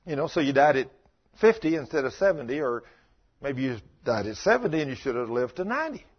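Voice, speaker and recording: A man's voice: mid-range voice, sing-song, fairly quick, breathy edge, highs cut off. A man preaching a sermon as pastor, telling folksy stories and building to emphatic scolding.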